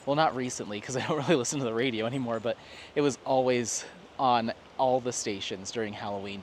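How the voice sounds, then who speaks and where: A man's voice: medium pitch, quick pace. A man from Colorado chatting casually while walking his dog, rambling and laughing often. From Colorado, USA. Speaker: craft vlogger. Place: outdoors on an evening walk near water. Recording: clear outdoor street noise. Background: traffic and town ambience.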